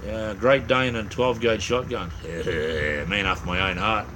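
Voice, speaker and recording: This Australian livestream host speaks at a measured pace in a fairly low, steady voice with a sharp tone, plus slight background noise. Up late and short on sleep, he rambles casually to viewers, laid-back, heavy on "mate," "um," fillers, and friendly slang.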